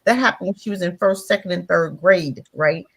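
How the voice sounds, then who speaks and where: A woman's voice: lowish voice, moderate pace, gravelly. A woman hosting talk radio who makes emphatic, preachy commentary, repeats her points and asks rhetorical questions.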